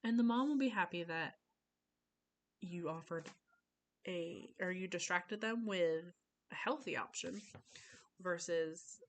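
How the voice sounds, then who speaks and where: A woman's voice: lowish voice, slow pace, pauses often, fairly bright tone. A young woman giving an informal class speech, chatty, often acting out little conversations in voices.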